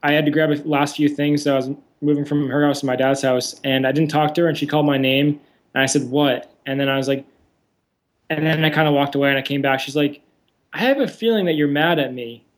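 A man calling in to a show, telling his story in a rushed, frustrated, casual way. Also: a little high, flat delivery. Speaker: caller. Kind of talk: call-in conversation.

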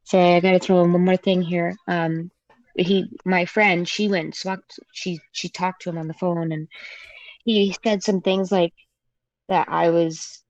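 A woman in her thirties calling in to a show, telling her story in a hesitant, halting way with many fillers. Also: lowish voice, little pitch movement, darkish tone, no echo. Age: 30s. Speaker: caller. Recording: dull phone-line caller audio.

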